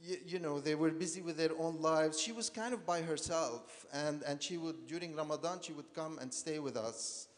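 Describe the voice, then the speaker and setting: A man's voice: on the high side, normal speed, few pauses. A man from Lebanon giving a personal storytelling talk as an artist, hesitant, repeating words and using many fillers. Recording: long hall reverb.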